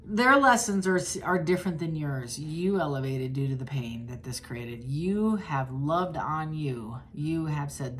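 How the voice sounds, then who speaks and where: A woman with a low, deep-set voice talks through a tarot reading in a loose, chatty way. She speaks straight to her viewers, blunt and candid, and often breaks off to restart a phrase. A faint hiss sits under her voice. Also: expressive, unhurried, hardly any pauses. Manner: chatty and blunt, with frequent restarts and sudden laughs. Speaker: tarot reader.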